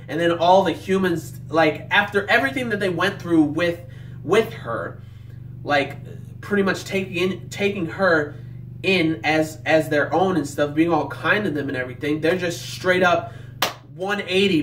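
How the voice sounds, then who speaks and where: A man with a fairly high voice gives an excitable recap of an anime. He leans on "like" and jumps into the characters' lines. He sits back from the mic in a room with a lot of echo. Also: normal speed, recorded from a distance, slight background noise. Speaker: anime reviewer. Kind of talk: casual spoken recap.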